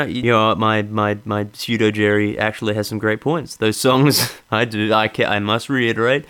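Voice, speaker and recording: A man's voice: on the low side, normal speed, a bit bright, clean tone. A man hosting a podcast, ranting sardonically and profanely in a rambling, casual way. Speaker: podcast host.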